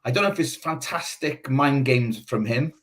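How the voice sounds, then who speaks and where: A man in casual talk on a football phone-in, sharing his views freely. He thinks out loud and keeps talking through his points. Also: medium pitch, normal speed. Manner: talkative, opinionated, thinks out loud. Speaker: football fan panelist. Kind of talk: casual chat.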